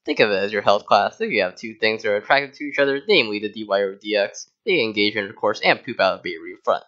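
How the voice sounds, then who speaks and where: A young American man, a student tutor, narrates a calculus walkthrough in a lowish voice that's fast, pushed and bright, though the audio is dull. His voice-over is sarcastic, full of mock-arrogant boasting.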